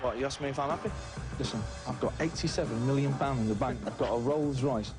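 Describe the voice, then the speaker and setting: A man's voice: mid-range voice, fast, over music. A man boasting brashly in an archive interview clip.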